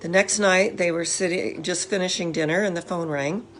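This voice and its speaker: A woman minister telling a story in a sermon, animated and often asking her listeners to imagine it. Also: fairly low pitch, moderate pace, slight background noise.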